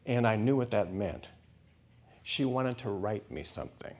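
A man's voice: fairly low pitch, lively intonation, a little slow, darkish tone. A middle-aged man, a former hospital chaplain, telling a story to a class, dropping to whispers and acting out voices. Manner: dramatic, drops to whispers and acts out voices.

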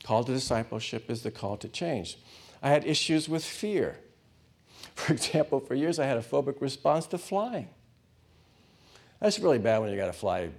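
A man preaching, telling a personal story, swinging between loud bursts and hushed asides. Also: medium pitch. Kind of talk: sermon storytelling.

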